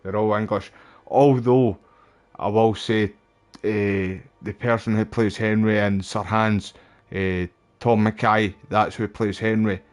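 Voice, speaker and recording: A man's voice: fairly low pitch, steady tone, slow. A young Scottish man streaming a game, chatting casually to his viewers and calling them mate. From Scotland. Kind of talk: casual live-stream chat while playing.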